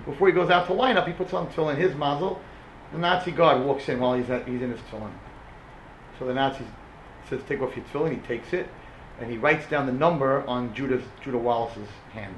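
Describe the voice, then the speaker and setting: A man giving a dramatic storytelling talk as a religious speaker, animated and mixing in Hebrew and Yiddish terms. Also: mid-range voice, quick pace, slight background noise. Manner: animated, rising to impassioned shouts. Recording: roomy echoing room.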